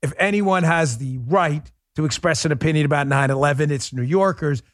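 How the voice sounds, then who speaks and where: Talk radio host, man from Queens, a bit high-pitched, lively and joking, dry close mic. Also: a little fast, no room sound. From New York, Queens. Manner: animated, laughing, chatty.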